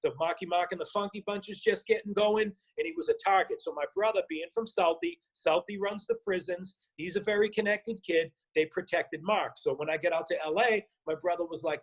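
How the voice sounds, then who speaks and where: Husky Boston-accented man telling stories. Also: sits high, brisk, few pauses. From South Boston. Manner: swearing, acts out quoted voices in anecdotes. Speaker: actor and podcast guest. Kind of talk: casual storytelling chat.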